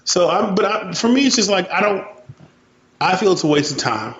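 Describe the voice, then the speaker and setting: A man's voice: high voice, expressive, normal speed, a bit bright. A man co-hosting a podcast, talking casually and animatedly with boastful trash-talk. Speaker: podcast co-host. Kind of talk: casual chat. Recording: roomy, dull sound with faint noise.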